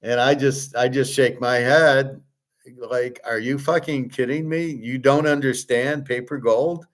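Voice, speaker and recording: A man's voice: mid-range voice, measured pace. A middle-aged man hosting a show, talking casually in a blunt, profane and exasperated way. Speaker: host. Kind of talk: casual ranting commentary.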